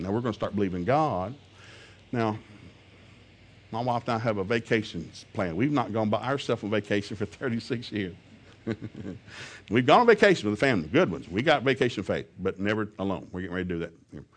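A man's voice: lowish voice, expressive, fairly quick. Brief: middle-aged male preacher, folksy humorous storyteller, laughs through his sermon.

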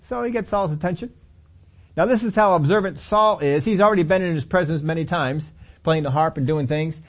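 Lively preaching man, fairly high voice. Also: brisk. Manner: animated storytelling with acted quotes and chuckles. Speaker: pastor. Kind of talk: sermon.

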